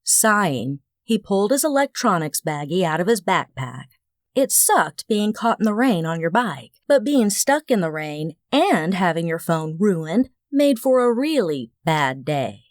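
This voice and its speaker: A woman narrating a first-person audiobook with an expressive, wry storytelling manner. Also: fairly low pitch, a little slow, no room sound, studio quality.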